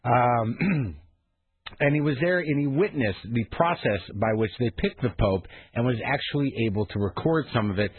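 A man's voice: medium pitch, lively intonation, normal speed, husky, no room sound. A man hosting a morning radio talk show, riffing with sarcasm and rambling asides. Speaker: radio host. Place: radio studio. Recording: narrow phone-like radio sound.

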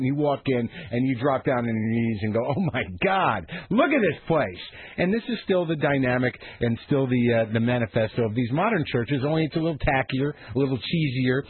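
A man's voice: medium pitch, slightly rough, dry recording. A man hosting a morning radio talk show, riffing with sarcasm and rambling asides. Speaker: radio host. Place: radio studio. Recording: narrow phone-like radio sound.

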